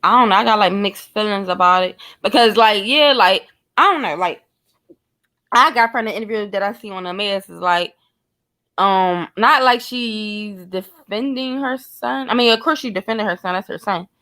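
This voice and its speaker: A woman's voice: mid-range voice, moderate pace, pushed and bright. A woman giving blunt, profane commentary, speculating and talking straight to her viewers in a casual vlog. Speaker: true crime commentator.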